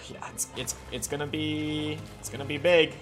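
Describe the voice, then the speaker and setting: A man's voice: a little high, fairly even intonation, unhurried, fairly bright tone, faint music behind. A man streaming a video game, casually reading chat aloud and reacting to the gameplay in a laid-back way.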